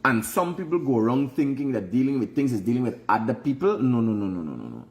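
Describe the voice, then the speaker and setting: A Guyanese man hosts a vlog, offering life advice in a frank, preachy casual monologue and repeating phrases for emphasis. His medium-pitched voice is sing-song and fast, with a darkish tone.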